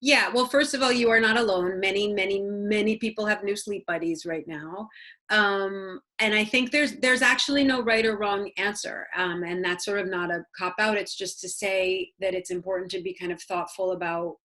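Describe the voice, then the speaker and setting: A woman child psychologist, speaking as a guest, offers practical parenting advice in a conversational talk. Her medium-pitched voice is bright and forceful at a normal pace, and she tells earnest stories sprinkled with "um"s and "you know"s.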